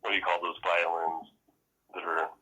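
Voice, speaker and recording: A man's voice: deep voice, little pitch movement, normal speed, pushed and bright, husky, poor audio. A man in casual podcast chat, rambling, swearing freely and laughing as he acts out quotes. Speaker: podcast co-host.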